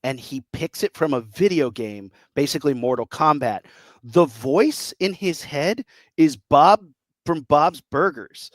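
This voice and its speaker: An excitable man in his thirties chats about movies as a podcast co-host. He talks in a rambling, enthusiastic way and slips into voices to act out quotes. His voice sits a bit high, and it is caught dry and close on the mic. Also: no room sound. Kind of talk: casual chat.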